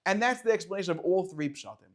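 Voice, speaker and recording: A man teaching a lively Torah class to students, firing rhetorical questions and dropping to quiet explanation. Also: high voice, quick pace. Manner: animated, swings between loud questions and quiet explaining, chats with students.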